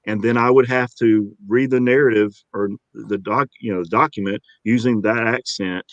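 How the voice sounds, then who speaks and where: A man's voice: lowish voice, fairly even intonation, normal speed, no echo, lo-fi sound. A man with a Georgia accent, an easygoing and chatty voice actor being interviewed. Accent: Georgia, US South. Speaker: voice actor guest. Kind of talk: casual interview talk.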